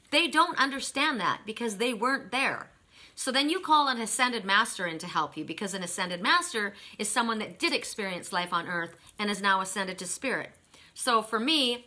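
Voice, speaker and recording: A woman's voice: mid-range voice, bright, forceful tone. A middle-aged woman giving a spiritual card reading, telling rambling stories with many restarts and asides. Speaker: tarot and oracle card reader. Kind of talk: casual spiritual reading monologue.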